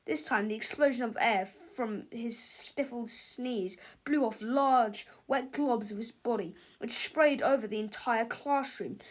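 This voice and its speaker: A woman reading a children's storybook aloud with a lively, expressive delivery. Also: a little high, a little slow, hardly any pauses.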